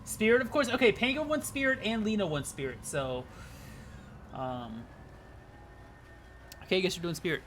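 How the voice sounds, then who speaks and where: Swearing, high-voiced male streamer. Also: normal speed, pauses often, fairly bright tone, a little hiss or hum. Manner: rambling, swears freely, talks to chat. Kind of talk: casual live-stream gaming chat.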